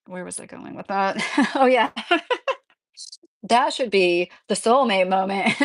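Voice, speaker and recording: A woman's voice: medium pitch, creaky. A middle-aged woman livestreaming, chatting casually with her viewers in a rambling, earnest way and filling her talk with "like". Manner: rambling and earnest, heavy use of "like". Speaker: livestreamer reading chat.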